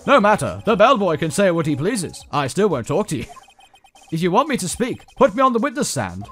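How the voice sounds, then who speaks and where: A man's voice: sits high, wildly swooping pitch, moderate pace, faint music behind, heavily acted. A man doing a pompous British CEO villain. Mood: taunting. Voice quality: loud, haughty, wordy. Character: pompous rich male CEO villain, arrogant. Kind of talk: game playthrough voice acting.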